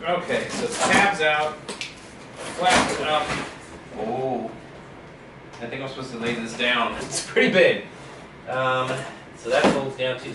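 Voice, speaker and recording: A tired man in a house, chatting casually and rambling to the camera as he goes about his day. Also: mid-range voice. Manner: rambling, easygoing, talks to his cat. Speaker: vlogger. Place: cold, drafty house at home. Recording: echoey room with faint noise.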